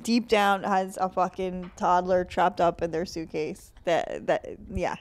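Blunt, crude young woman host. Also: fairly low pitch. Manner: blunt, crude, quick jokes. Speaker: podcast host. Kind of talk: casual podcast banter.

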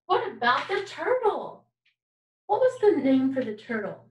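A woman's voice: high-pitched, very animated, unhurried, roomy sound, recorded from a distance, rough recording. A woman teaching a kindergarten music lesson, patient and encouraging, asking children questions and singing examples. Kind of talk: recorded online music lesson for young children.

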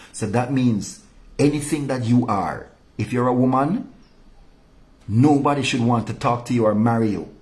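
A male pastor delivering an impassioned, rebuking sermon, dropping low and soft to drive points home.

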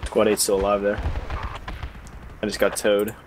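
A man acting as squad leader in a game, giving brisk, flat callouts over voice chat. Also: on the low side, slight background noise.

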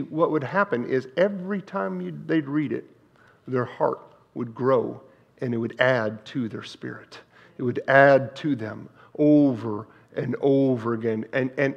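A man's voice: mid-range voice, normal speed, vocal fry. Earnest man preaching a sermon, slightly dull recording. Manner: earnest, repetitive preaching with swings in loudness. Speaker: pastor. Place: church sanctuary.

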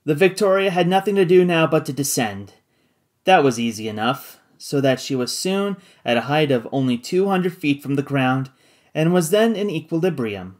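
Expressive, dramatic audiobook narrator. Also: medium pitch, moderate pace. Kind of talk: scripted narration of a classic novel.

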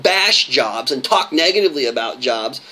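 A man's voice: medium pitch, lively intonation, normal speed, sharp tone. Emphatic man giving a coaching talk. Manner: emphatic, repetitive, tags lines with "right?". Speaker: network marketing coach.

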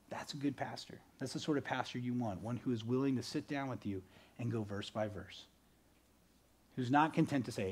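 A man preaching a sermon as pastor, animated, swinging between loud bursts and quiet, earnest stretches. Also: mid-range voice, a little fast, slightly rough.

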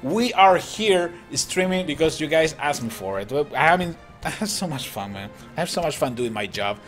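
Excitable Chilean man streaming a game. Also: on the high side, moderate pace. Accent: Chilean Spanish. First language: Spanish. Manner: excitable, laughs often, repeats words. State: tired. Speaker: gaming streamer. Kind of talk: live-stream game commentary. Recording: clear background music. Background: music.

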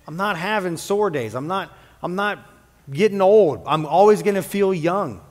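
A male pastor preaching a sermon in a church, animated and jokey with playful asides. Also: sits high, normal speed, big-room sound. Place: church sanctuary.

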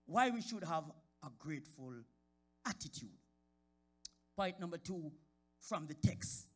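Expressive and a little slow, a man preaches in a church sanctuary. He singles out congregation members by name while his voice swells from quiet talk to shouted high points.

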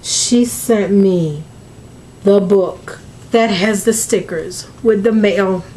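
A woman's voice: medium pitch, slow pace, mellow, slight background noise. A woman, opening mail on a crafting vlog, gushing and emotional, close to tears. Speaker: crafting vlogger.

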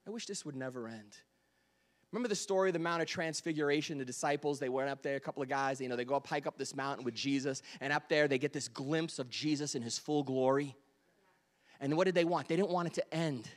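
A man preaching in a fairly high voice, animated and playful with his congregation. He jumps from loud exclamations to hushed, confiding lines. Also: quick pace. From Delaware, US. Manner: animated, joking, swings between loud bursts and quiet asides. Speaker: pastor. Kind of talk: sermon.

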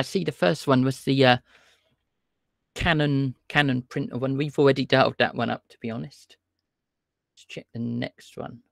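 A man's voice: medium pitch, gravelly, fairly bright tone, no echo, clean studio sound. A man hosting a livestream, chatting casually and greeting his viewers by name. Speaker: livestream host calling scammers.

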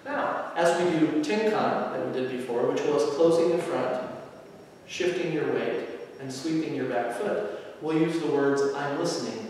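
A man teaching aikido who explains movements calmly and methodically and chants short phrases with each step. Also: mid-range voice, slight background noise. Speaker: aikido instructor. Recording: echoey hall, mic far off.

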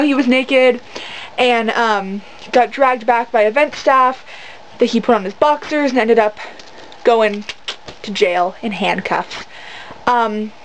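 A woman with a high voice vlogs to camera. She tells her story in a rambling way, with lots of fillers and an indignant edge. A faint hiss runs under the recording. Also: low-quality recording. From United States. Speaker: vlogger. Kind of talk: casual storytelling rant to camera.

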